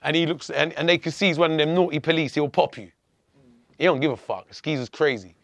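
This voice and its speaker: High, gravelly man telling stories. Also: quick pace, no room sound. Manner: profane, animated, acts out quoted dialogue. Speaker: podcast guest. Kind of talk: casual storytelling.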